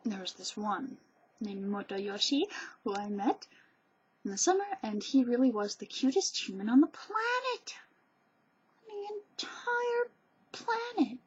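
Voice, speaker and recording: A woman's voice: medium pitch, normal speed, a little mellow, husky, highs cut off. A woman vlogger rambling in a casual monologue, gushing, chatty and digressive.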